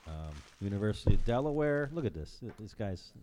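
A man hosting a casual podcast chat with friends, rambling and halting with lots of fillers. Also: fairly low pitch, very animated, a crowd in the background. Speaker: podcast host.

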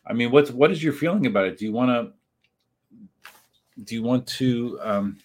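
Husky-voiced man chatting on a livestream. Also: mid-range voice, moderate pace. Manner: rambling, chatty, reads chat aloud and answers. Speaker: livestream host. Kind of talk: casual livestream chat reading viewer comments. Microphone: desk setup while live streaming.

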